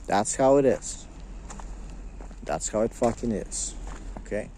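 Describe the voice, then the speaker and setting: A man's voice: medium pitch, big pitch swings, unhurried, long pauses, warm tone. A man ranting as a podcast host, heated and profane, often stammering and repeating his words. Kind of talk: ranting monologue.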